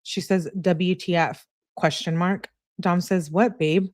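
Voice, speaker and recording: A woman's voice: fairly low pitch, fairly even intonation, takes it slowly, a little mellow, dry recording, clean studio sound. Woman casually reading out text messages. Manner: plain conversational reading with asides and self-corrections.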